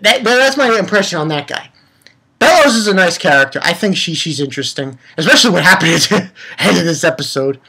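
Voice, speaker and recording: A man's voice: high-pitched, lively intonation, fast, sharp tone, slightly rough. A young man giving a rambling, profane, casual recap of an anime episode, full of restarts. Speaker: anime reviewer.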